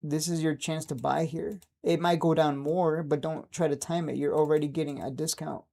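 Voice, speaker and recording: Chuckling man with a mellow voice. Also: a little high, fairly even intonation, normal speed, creaky. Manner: laughs often, chuckling and upbeat. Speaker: stock trading streamer. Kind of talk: casual livestream chat.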